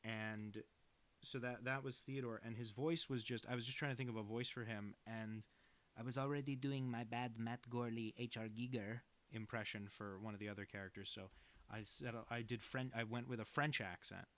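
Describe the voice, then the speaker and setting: While drawing on his stream, a young cartoonist chats in a loose, rambling, self-deprecating way. He speaks at a normal speed in a mid-range voice with fairly even intonation and a fairly bright tone.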